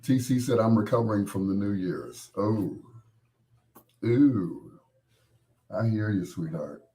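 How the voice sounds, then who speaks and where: A deep-voiced man hosts a live stream, chatting loosely and joking as he talks straight to his viewers. He is middle-aged and still getting his voice back after being ill, and his talk wanders from one aside to the next. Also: lively intonation, slow, mellow. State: recovering from losing his voice. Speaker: host of a live stream show. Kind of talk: casual chat with live viewers.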